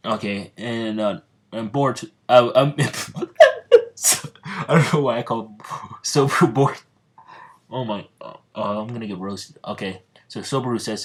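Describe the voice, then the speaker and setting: A man improvising a fan-fiction story, rambling and halting with lots of fillers, restarts and giggles. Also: fairly low pitch, a bit bright.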